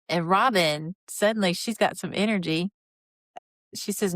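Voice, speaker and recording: A woman hosting a podcast, recapping a reality TV show in an exasperated, sarcastic, opinionated way and reading quotes out quickly. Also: lowish voice, a bit bright, no room sound, studio quality. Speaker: podcast host.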